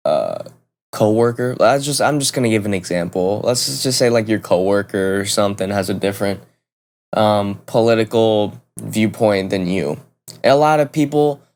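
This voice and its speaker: A young man with a somewhat low voice speaks in a loose vlog monologue. He is blunt and swears casually. He rambles and often restarts his thoughts mid-sentence. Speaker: vlogger.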